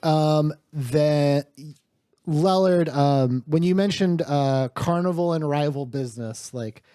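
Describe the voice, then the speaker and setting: A man's voice: fairly high pitch, slow, mellow, clear, resonant tone, no echo. A man narrating as game master of a tabletop game, rambling with lots of fillers and laughs.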